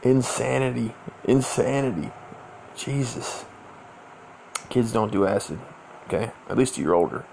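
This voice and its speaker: Gravelly, profane young man telling a story. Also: mid-range voice, animated, unhurried, pauses often, a little mellow, slight background noise. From Southern California. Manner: profane, rambling, slangy storytelling with many fillers. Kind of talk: casual storytelling.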